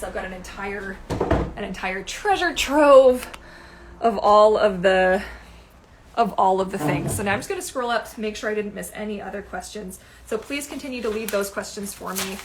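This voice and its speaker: A woman in her thirties chatting casually as a mermaid vlogger, animated and gushing, swearing casually now and then. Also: medium pitch, reverberant, background noise. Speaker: mermaid vlogger reviewing gear. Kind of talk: casual livestream chat.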